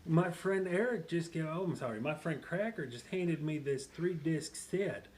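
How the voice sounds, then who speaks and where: A man voicing a giddy, high-voiced man character who reads slowly and exclaims. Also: darkish tone, slight background noise, lightly acted.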